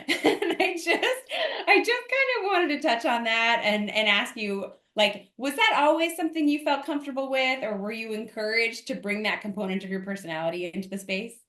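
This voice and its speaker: A woman's voice: a little high, animated, normal speed, a bit bright. A woman hosting a podcast, asking thoughtful questions and sometimes searching for the right words. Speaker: podcast host. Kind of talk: casual interview conversation. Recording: roomy echo.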